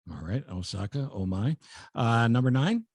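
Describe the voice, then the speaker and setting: Male podcast host, casual and wry, animated delivery, dry close-mic sound. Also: medium pitch, normal speed, breathy edge, no room sound. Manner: wry, joking, lively delivery. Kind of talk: casual chat.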